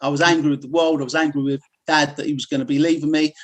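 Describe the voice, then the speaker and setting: A middle-aged British man, a martial arts instructor, talks quickly in a fairly high voice with little pitch movement. He tells his life story candidly in an interview, rambling with lots of fillers and restarts.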